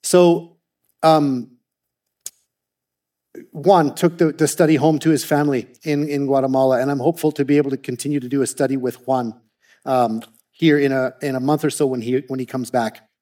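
A man's voice: medium pitch, normal speed. A man from Canada giving a testimony talk with slides, telling stories with lots of restarts. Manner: animated storytelling with frequent restarts. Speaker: ministry speaker presenting slides.

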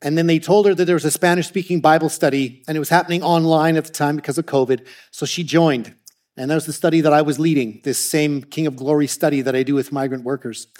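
Canadian-raised male ministry speaker, lively storyteller, somewhat high voice, restarts often. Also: quick pace. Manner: animated storytelling with frequent restarts. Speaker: ministry speaker presenting slides. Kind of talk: testimony talk to an audience.

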